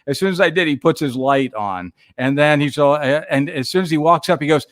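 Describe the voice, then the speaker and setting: A middle-aged man, a radio host, chatting casually on a livestream and telling stories with lively acted-out quotes. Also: mid-range voice, fast, few pauses, no room sound, studio quality. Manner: animated storyteller, acts out quotes.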